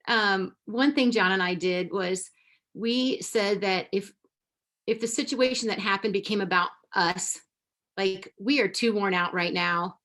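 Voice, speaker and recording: A woman's voice: mid-range voice, a little slow, a bit bright. A woman on a church women's panel, speaking earnestly and affirmingly, often breaking off and restarting her sentences. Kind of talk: casual panel discussion.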